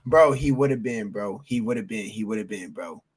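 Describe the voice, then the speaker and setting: A man's voice: on the low side, normal speed, husky. A man reacting live on a stream, hyped and slangy, repeating himself and out of breath.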